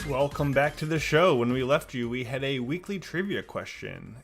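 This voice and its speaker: A man's voice: medium pitch, expressive, normal speed, creaky, over music. A man hosting a podcast in a casual, rambling, wry way, often restarting his sentences. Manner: rambling, self-correcting, wry. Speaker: podcast host.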